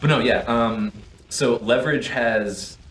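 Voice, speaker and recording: A man's voice: mid-range voice, measured pace, fairly bright tone. A young man co-hosting a gaming stream, chatting casually and rambling through long explanations with many restarts. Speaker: co-host and player. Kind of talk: casual chat while gaming. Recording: echoey room, faint noise.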